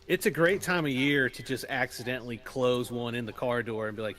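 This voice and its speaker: A man's voice: medium pitch, fairly even intonation, fairly bright tone. A man co-hosting a casual fishing podcast, riffing with dry jokes and swearing casually. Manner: dry joking, drawn-out riffs, swears casually. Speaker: podcast co-host. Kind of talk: casual chat.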